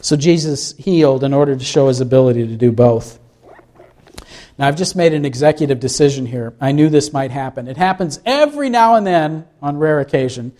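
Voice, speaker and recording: A man's voice: on the high side, lively intonation, a little fast, mellow. A male pastor preaching a sermon, full of rhetorical questions and acted-out quotes.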